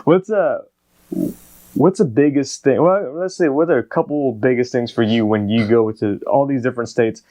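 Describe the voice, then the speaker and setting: A man's voice: medium pitch, normal speed, warm tone, no echo. A man hosting a podcast interview, encouraging his guest and agreeing often. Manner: encouraging, with frequent short agreements. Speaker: podcast host.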